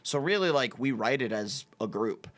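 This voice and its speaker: A man guesting on a podcast, telling stories in an excitable, rambling way. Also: medium pitch, normal speed. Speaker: comedian guest. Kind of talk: casual podcast chat.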